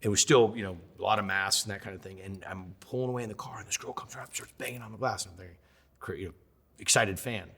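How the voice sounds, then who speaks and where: A middle-aged man and chef, interviewed, telling stories with energy and acting out the dialogue, now loud, now hushed. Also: lowish voice, quick pace, slightly rough. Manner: acts out quoted dialogue, swings between loud and hushed. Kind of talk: animated storytelling.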